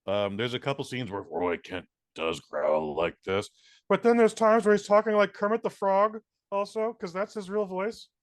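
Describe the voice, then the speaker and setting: A man co-hosting a podcast, making wry quick quips in casual banter. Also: high-pitched, expressive, no echo, studio quality. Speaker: podcast co-host.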